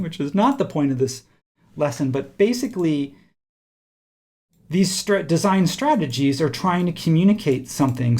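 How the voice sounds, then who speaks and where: A man teaching a software design tutorial, thinking aloud casually as he works on screen. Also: a little high, gravelly. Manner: relaxed, thinking aloud while working. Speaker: instructor.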